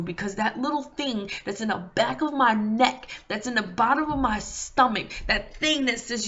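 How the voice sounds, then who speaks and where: A woman's voice: a little high, normal speed, hardly any pauses, fairly bright tone. A woman, an intimacy coach, giving a motivational monologue with an impassioned, repetitive, preacher-like cadence. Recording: dull lo-fi recording.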